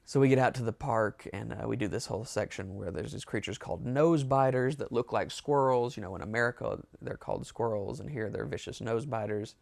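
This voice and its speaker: A man's voice: lowish voice, brisk, vocal fry, hardly any pauses, darkish tone, no room sound. A man telling a rambling, amused story in a casual storytime monologue. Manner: rambling, amused, with self-corrections. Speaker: storyteller, show host.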